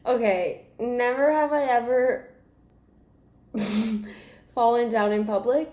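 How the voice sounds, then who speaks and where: A woman's voice: fairly high pitch, slow, darkish tone, echoey room. A woman hosting a casual chat, with dry teasing banter. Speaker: podcast host.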